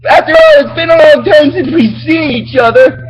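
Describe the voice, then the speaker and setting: A man's voice: extremely high pitch, expressive, normal speed, pitched above the performer's own voice, low-quality recording. A man hamming up a cocky monkey showman. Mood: boastful. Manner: swaggering, showy.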